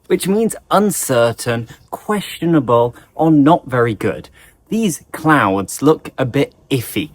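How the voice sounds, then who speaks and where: A man with an English accent teaching a language lesson at home. He acts out each example sentence expressively. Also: mid-range voice. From England.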